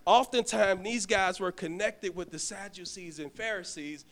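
A man's voice: sits high, moderate pace, fairly bright tone. A man preaching a sermon as a church deacon, telling a personal story and speaking directly to the congregation, often stumbling and restarting his words. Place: church sanctuary.

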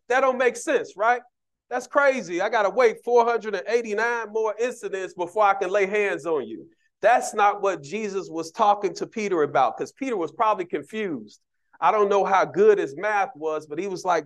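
A deacon preaches to his church in a loose, joking, conversational way. He often turns to the congregation with asides. His voice sits a little higher than most men's. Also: moderate pace. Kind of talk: sermon.

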